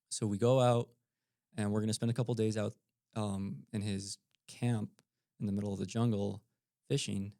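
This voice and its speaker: Gravelly low-voiced man telling stories. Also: dry recording, clean studio sound. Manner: relaxed, animated storyteller with filler ums. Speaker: podcast guest, missionary. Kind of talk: casual storytelling.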